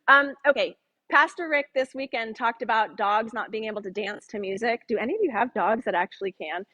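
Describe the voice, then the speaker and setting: A woman's voice: fairly high pitch, a little fast, fairly bright tone, muffled recording. Chatty woman teaching a Bible study. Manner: chatty, jokes with the audience, acts out voices in quotes.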